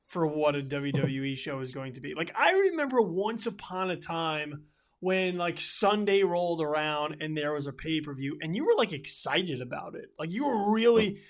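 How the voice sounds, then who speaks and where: A man with a notably high voice hosts a casual podcast chat. He rambles, restarts his sentences and laughs easily. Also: big pitch swings, moderate pace. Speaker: podcast host.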